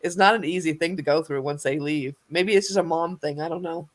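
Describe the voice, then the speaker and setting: A man's voice: fairly high pitch, a little fast. Man with short, laughing reactions. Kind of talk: casual chat.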